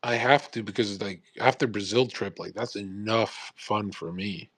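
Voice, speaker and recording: A man's voice: lowish voice, moderate pace, husky, no room sound. A man streaming on a live audio space, rambling in a casual monologue full of swearing and "bro". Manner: profane, animated, calls listeners "bro".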